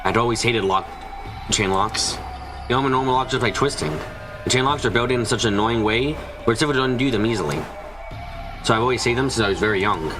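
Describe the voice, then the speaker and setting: A man's voice: medium pitch, fast talker. A man reading a visual novel aloud on a let's play stream, giving the narration and the heroine's lines in his own voice. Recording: music playing behind.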